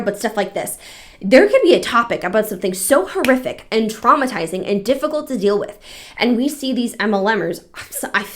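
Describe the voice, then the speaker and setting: A woman's voice: fairly high pitch, fairly bright tone. A young adult woman hosting a casual reaction vlog, reading viewer stories aloud in an earnest, emotional way, swearing freely and using lots of fillers. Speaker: host.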